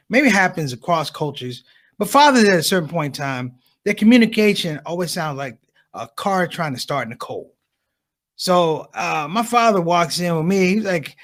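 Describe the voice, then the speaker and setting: A man doing a stand-up comedy set on a conference stage, telling stories and acting out the people in them with quick shifts in voice. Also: high-pitched. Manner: animated storytelling, acts out characters with quick shifts in voice.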